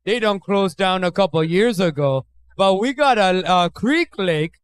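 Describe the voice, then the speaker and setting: A man's voice: high voice, expressive, measured pace, pitched below the performer's own voice. A man putting on a jokey, exaggerated Canadian man who keeps tagging his lines with "eh", drawling for laughs in a live bar podcast. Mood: mock folksy. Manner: drawling, joking.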